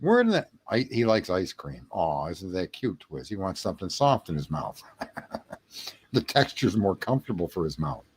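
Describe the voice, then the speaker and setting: Rambling, lively-voiced man. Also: low voice, moderate pace, a little hiss or hum. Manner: rambling, profane, jokey banter with chat. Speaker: livestream host reading chat. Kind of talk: late-night casual livestream chat.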